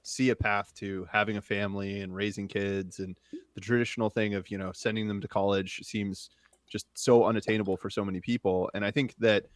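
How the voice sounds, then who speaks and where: A man speaking as a podcast guest in an earnest, measured, explanatory way. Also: lowish voice, fairly even intonation, no room sound. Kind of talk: casual podcast conversation.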